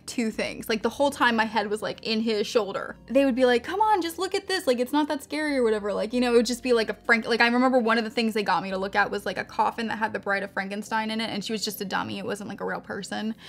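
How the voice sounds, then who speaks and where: A woman's voice: fairly high pitch, a bit bright. Chatty young woman, rambling makeup vlog. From United States. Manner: chatty, rambling, many fillers and restarts. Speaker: beauty vlogger. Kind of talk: casual storytelling while doing makeup.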